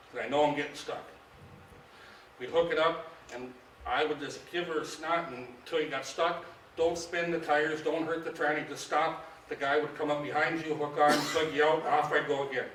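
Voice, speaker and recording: A middle-aged man, a fishing guide, telling stories to a club meeting in a folksy, animated way, acting out what people said. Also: on the high side, slight background noise. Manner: folksy, animated, acts out quoted dialogue. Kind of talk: casual storytelling to a club audience. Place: meeting hall. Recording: echoey room, distant mic.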